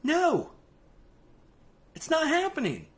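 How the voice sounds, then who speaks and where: A man's voice: very high-pitched, wildly swooping pitch, slow pace. A man with a Southern US accent hosting a casual gaming podcast, chatty and sometimes mumbling. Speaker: podcast host. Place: live-streamed podcast.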